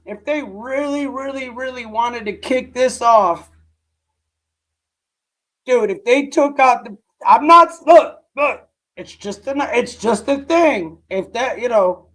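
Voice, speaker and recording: A hoarse man hosting a live reaction stream, rambling in casual commentary and calling his viewers "dude". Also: extremely high pitch, slow, fairly bright tone, rough recording. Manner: rambling, repeats himself, says "dude" often. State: hoarse, voice nearly gone.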